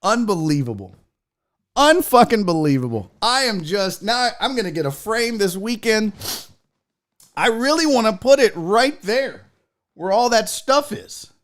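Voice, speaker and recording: A woman hosting a casual show, addressing her viewers directly. Her pitch leaps up and down with real animation, yet she takes her time between words. She swears freely and gets excited easily. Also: a little slow. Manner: excitable and heavily profane; talks straight to the audience. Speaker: sports show host. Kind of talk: casual unboxing chat to viewers.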